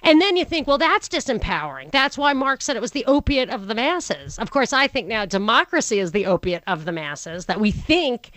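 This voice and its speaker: Animated, rambling woman talk-show host. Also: fairly high pitch, normal speed, hardly any pauses, no echo. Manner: animated, rambling with many restarts. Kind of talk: casual chat.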